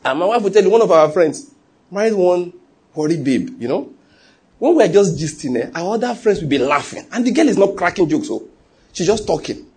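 A man preaching a sermon in an animated way, full of laughing asides and acted-out quotes. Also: sits high, fairly quick, breathy edge.

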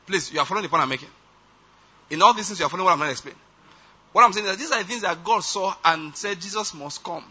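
A man's voice: high-pitched, racing, long pauses, bright, forceful tone, slightly rough. A man preaching a conversational sermon, often checking whether listeners follow his point. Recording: dull lo-fi sound.

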